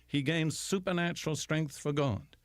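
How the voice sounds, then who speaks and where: An older man giving a radio Bible teaching, slow and deliberate, with emphatic pauses. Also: a little high, no room sound, studio quality.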